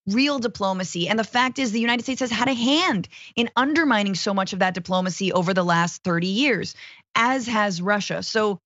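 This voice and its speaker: A woman's voice: medium pitch, fairly bright tone, no echo. Woman commentator, earnest and opinionated, casual slang, dead-dry lo-fi mic. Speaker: podcast host, guest commentator. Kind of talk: political discussion.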